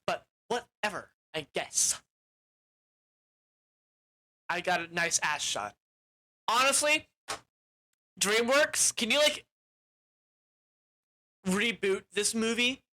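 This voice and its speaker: A man's voice: sits high, expressive, takes it slowly, pauses often, bright, forceful tone. A young man giving a casual, rambling movie recap in crude language, with lots of "like" fillers. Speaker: movie reviewer.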